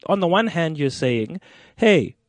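A man of middling pitch pressing questions in a panel discussion. He talks haltingly and keeps restarting, recorded close and dry. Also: dry recording. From South Africa.

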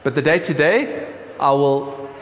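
Unhurried and lively in his intonation, this South African pastor has a slightly high voice. His sermon comes across as casual talk, marked by frequent ums and restarts, captured in an echoey church hall with light room noise.

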